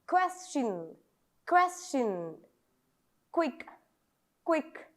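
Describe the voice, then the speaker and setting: Kerala lady teaching kids phonics, malayali english accent, really lively sing-song voice, repeats every sound. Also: high-pitched, takes it slowly, pauses often. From Kerala, India. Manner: drills letter sounds by repeating them.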